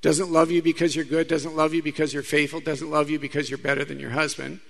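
A priest preaches to a gathering of women in a chatty, storytelling way and turns to the audience often. His voice sits a little high for a man and has a gravelly, creaky edge. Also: flat delivery, fast. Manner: conversational preaching with stories and asides to the audience. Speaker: Catholic priest. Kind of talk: sermon.

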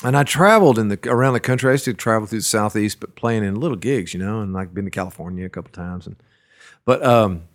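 A middle-aged man, a musician, spins anecdotes in an easy, unpolished way. His sentences wander and restart, and he is quick to laugh at himself. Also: fairly low pitch. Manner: rambling, many fillers and restarts, laughs at his own stories. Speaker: musician recalling his career. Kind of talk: casual storytelling interview.

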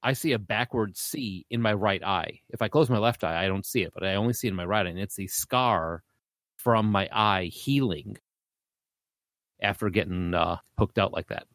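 A man's voice: lowish voice, normal speed, fairly bright tone, dry recording. A man co-hosting a podcast, telling a story in casual chat and acting out the voices of the people he quotes. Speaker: podcast co-host.

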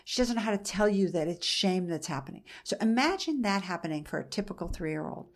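A woman's voice: fairly low pitch, animated, a little fast. A woman in her forties, a mother being interviewed, telling her story in an earnest, conversational way, often restarting and repeating phrases.

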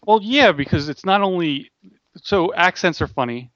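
A man's voice: high voice, lively intonation, normal speed, fairly bright tone, dull audio. A man co-hosting a casual podcast chat, rambling and thinking aloud with many restarts. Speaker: podcast co-host.

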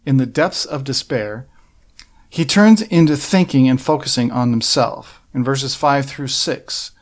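Earnest male preacher expounding scripture. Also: medium pitch. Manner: earnest, measured Bible exposition with rhetorical questions. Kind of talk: sermon.

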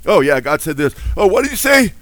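A man's voice: high voice, big pitch swings, fairly quick, fairly bright tone, no room sound, pitched above the performer's own voice. A man mimicking a theatrical fake faith-healer preacher in a mocking sing-song.

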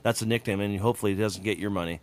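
A man co-hosting a casual motocross podcast, talking bluntly and getting loud when riled. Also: on the low side, steady tone, rapid-fire. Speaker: podcast co-host. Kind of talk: casual chat.

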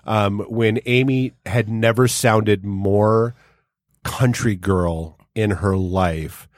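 A man's voice: fairly low pitch, slow, dry recording, clean studio sound. A man teasing his friends in a casual podcast chat, tripping over his words. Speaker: podcast co-host.

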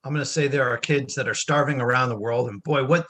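Bright, husky-voiced dad telling a story. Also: male voice, mid-range voice, fairly even intonation, fast talker. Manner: wry, exaggerated storytelling with put-on voices. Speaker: podcast co-host, dad. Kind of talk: casual chat.

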